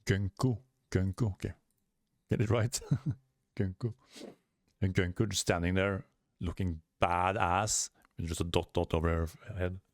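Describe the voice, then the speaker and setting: A man's voice: deep voice, steady tone, normal speed, dry recording, studio quality. A man reading a comic aloud and commenting casually as a reaction host, hesitant, with many fillers and self-corrections.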